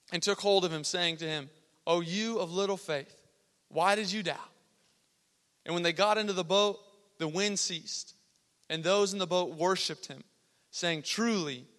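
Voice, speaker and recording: Young man, youth sermon, high bright voice, laid-back slang, long hall echo. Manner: casual slangy storytelling, acting out quotes. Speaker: youth pastor. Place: large hall with a youth congregation.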